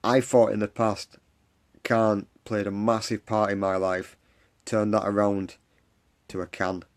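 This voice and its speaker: A man's voice: fairly low pitch, flat delivery, unhurried. A man hosting a live stream, giving an earnest, repetitive pep talk and answering viewers' comments. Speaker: live stream host for a support group. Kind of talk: encouraging livestream talk. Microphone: phone or webcam on a live stream.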